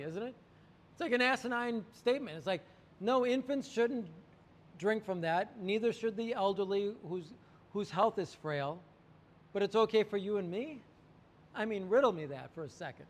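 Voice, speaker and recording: A man's voice: sits high, in a large hall. A man talking about water treatment to camera, telling a client story animatedly and acting out the quotes. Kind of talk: sales talk to camera.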